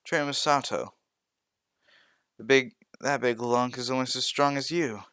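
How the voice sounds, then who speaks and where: A man's voice: mid-range voice, unhurried, a bit bright, clean tone, no room sound, studio quality, natural voice. A man voicing a boastful, teasing teenage boy scientist in a fan-made audio story. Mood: cocky. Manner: cocky, teasing.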